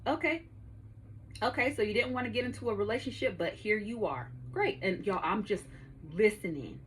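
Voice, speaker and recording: A woman's voice: medium pitch, animated, moderate pace, a bit bright, a little hiss or hum. A woman in her thirties hosting her own podcast, telling a story to her listeners in a casual, profane way and laughing often, recorded in her home studio. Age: 30s. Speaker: podcast host.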